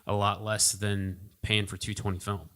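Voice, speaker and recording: A man's voice: fairly low pitch, little pitch movement, moderate pace, pushed and bright. A man in his thirties hosting a casual chat, talkative and teasing. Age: 30s. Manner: chatty, teasing. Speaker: podcast host.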